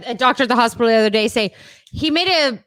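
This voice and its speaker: A young adult woman co-hosting a podcast, telling animated, profane stories in casual chat. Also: on the high side, racing, no echo. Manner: animated, swearing, laughing storyteller. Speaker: podcast co-host.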